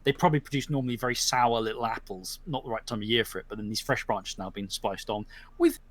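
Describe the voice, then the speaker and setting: A man's voice: mid-range voice, fast. A man narrating a tabletop game as game master, rambling and full of fillers. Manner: rambling, animated, many fillers.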